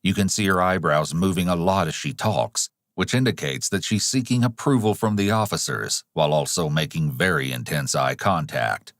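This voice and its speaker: A man giving measured, dramatic scripted true-crime narration. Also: low-pitched, a bit bright, dry recording, clean studio sound.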